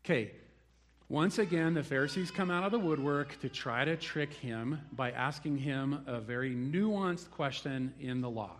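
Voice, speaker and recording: A man's voice: mid-range voice, normal speed. A man preaching a sermon, telling the story with animation and acting out the people he quotes. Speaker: pastor.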